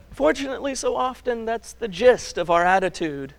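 A man's voice: very high voice, animated, moderate pace, creaky. A male preacher giving a sermon in an emphatic, conversational way, stacking words for emphasis and chuckling at himself.

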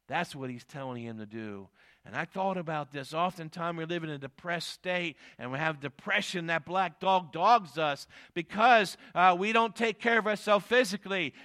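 Male preacher with a clear, high, bright voice, dynamic delivery from hushed to emphatic. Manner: dynamic, swings from quiet asides to emphatic raised delivery; reads scripture in archaic phrasing, repeats key lines. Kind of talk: sermon with scripture reading.

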